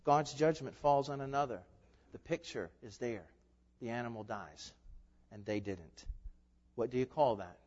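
A man preaching a sermon as pastor, emphatic, asking rhetorical questions and swinging between loud declarations and hushed asides. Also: medium pitch, normal speed. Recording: echoey hall, dull lo-fi sound.

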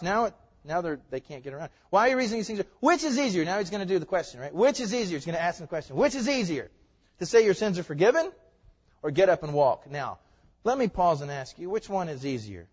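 A man preaching a sermon as a pastor, swinging between loud emphatic lines and soft hushed ones. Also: high-pitched, very animated, a little fast, in a large hall, muffled recording.

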